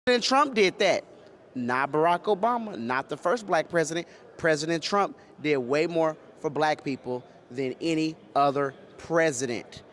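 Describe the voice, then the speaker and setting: A man's voice: on the high side, animated, moderate pace, fairly bright tone. A man from Texas being interviewed at a rally, talking passionately and often repeating himself and restarting. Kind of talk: street interview.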